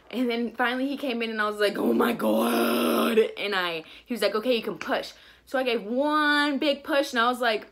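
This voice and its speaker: A woman's voice: a little high, sharp tone. A young woman telling a casual, chatty story in a vlog, with lots of "like"s and bits of baby talk. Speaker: vlogger and new mother.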